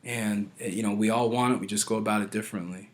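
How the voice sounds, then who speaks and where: Earnest man with a low-ish voice. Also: fairly even intonation, quick pace. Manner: earnest, rambling, keeps asking "right?"; grows forceful when stressing a point. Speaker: vlogger addressing followers. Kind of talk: casual direct-to-camera talk.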